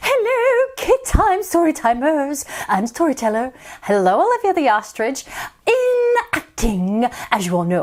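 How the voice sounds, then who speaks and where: A woman's voice: high-pitched, wildly swooping pitch, a little slow. A woman telling a picture-book story to children, playful and dramatic, often dropping into stage whispers. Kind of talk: theatrical read-aloud for children.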